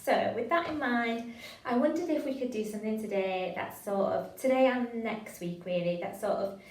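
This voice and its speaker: A woman leading an online drama workshop, talking in an encouraging, chatty way with frequent "um"s as she explains warm-up games. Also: a little high, moderate pace. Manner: encouraging, chatty, hesitant with fillers. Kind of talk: online drama class instruction. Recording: roomy sound from a distance to the mic.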